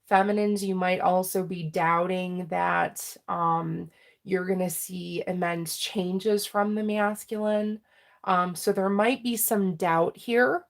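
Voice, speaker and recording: A woman with a slightly low voice reads tarot cards for her viewers in a loose, conversational way. She fills her pauses with "um" and checks in with "right?" and "okay?" as she goes. She slips into laughs and small emotional moments along the way. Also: steady tone, gravelly. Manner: chatty, filler-heavy, checks in with "right?" and "okay?"; laughs often and gets emotional while reading. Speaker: tarot reader. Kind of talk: casual tarot reading to camera.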